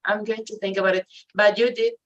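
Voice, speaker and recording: A woman teaching an English class online, talking slowly with many fillers and restarts. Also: medium pitch, steady tone, highs cut off. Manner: slow, hesitant, non-native English with many fillers.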